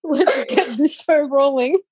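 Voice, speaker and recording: A woman's voice: high-pitched, expressive, slow pace, a little mellow. A woman co-hosting a casual podcast, upbeat and reacting to her friend's stories. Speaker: podcast co-host. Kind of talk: casual chat.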